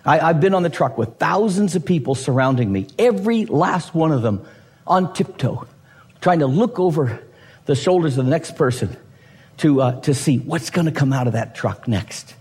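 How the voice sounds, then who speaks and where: A man's voice: fairly high pitch, normal speed. A middle-aged male pastor preaching a sermon and teaching his congregation, often checking in with them. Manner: animated preaching with repeated rhetorical checks.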